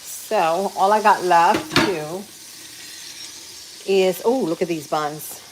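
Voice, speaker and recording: This livestream host talks with her viewers while cooking in her home kitchen, keeping it casual. Her voice is on the low side and she takes things slowly, with background noise and the sound of frying and sizzling.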